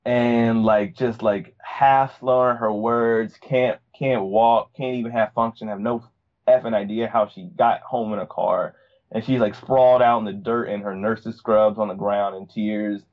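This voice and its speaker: A man's voice: on the low side, steady tone, measured pace. Rambling young man, dull lo-fi sound. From Virginia, USA. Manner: rambling, many fillers and restarts. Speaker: podcast guest. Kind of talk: personal story, casual talk.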